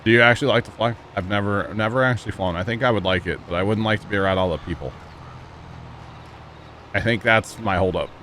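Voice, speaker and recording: Streamer, male, low voice, loose rambling chat with viewers, light background hum. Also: fast, fairly bright tone. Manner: rambling, talks to chat, chuckles at himself. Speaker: livestream gamer. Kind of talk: casual stream chat while playing.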